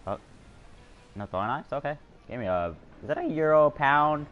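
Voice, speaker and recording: A young man in his teens giving excitable, jokey gameplay commentary while live-streaming, swearing often. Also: a little high, moderate pace, lo-fi sound, soft background music. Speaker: gamer streamer.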